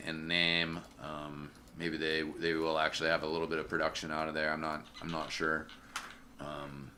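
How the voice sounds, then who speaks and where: Deep bright-toned guy casting a game on stream, lots of ums, faint typing behind. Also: a little hiss or hum. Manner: relaxed, chatty, filler-heavy, greets chat viewers. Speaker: esports caster and streamer. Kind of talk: casual solo game commentary.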